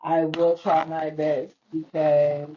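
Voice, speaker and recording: Middle-aged woman, podcast host, earnest open monologue, mellow strained voice, slightly dull lo-fi sound. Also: slow pace, a little hiss or hum. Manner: expressive, open and earnest, pitch swinging high and low. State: voice strained by lung disease, sometimes near a whisper.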